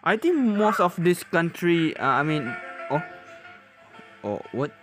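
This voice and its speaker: A man hosting a reaction video, talking casually in halting English, often laughing and exclaiming. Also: on the high side, big pitch swings, music in the background.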